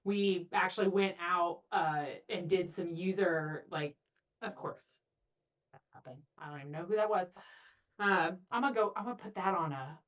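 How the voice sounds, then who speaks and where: A woman's voice: fairly low pitch, normal speed. A woman guest in a casual interview, chatty, saying 'like' often and acting out quotes. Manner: chatty, says 'like' a lot, acts out quotes. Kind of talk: casual conversation. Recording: dull lo-fi audio.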